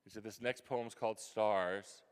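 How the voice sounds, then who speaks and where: Brief: lower-voiced man, lively storyteller at a school event, long hall reverb. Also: unhurried, clear, resonant tone. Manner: animated storyteller, acting out his younger self with gasps and whispers. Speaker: guest author speaking to a school. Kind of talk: storytelling talk to students.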